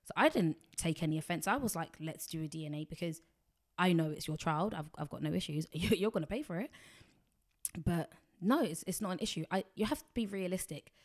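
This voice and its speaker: A woman's voice: on the low side, fairly quick. A woman, chatting frankly and bluntly as a podcast guest. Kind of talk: casual chat.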